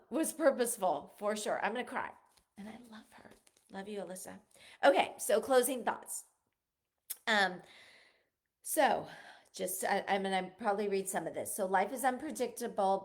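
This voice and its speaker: A middle-aged woman hosting a podcast, giving an earnest, faith-filled motivational talk that rambles with many ums. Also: fairly high pitch. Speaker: podcast host.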